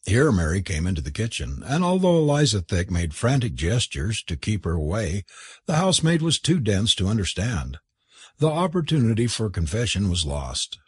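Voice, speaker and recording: A man reads a novel aloud in a measured, expressive storytelling style. His voice is husky and his pitch moves a lot. The sound is dry and close, with no room echo. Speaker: narrator. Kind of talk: scripted audiobook narration.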